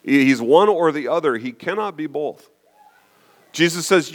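Male preacher, slightly higher voice, conversational sermon with constant check-ins. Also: animated, measured pace. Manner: frequent "okay?" check-ins, restarts, rhetorical questions. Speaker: pastor.

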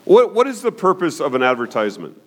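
A man teaching a Bible study in a conversational way, often pausing to ask "okay?" and putting questions to his listeners. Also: a little high, huge pitch swings. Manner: conversational, frequent "okay?" check-ins.

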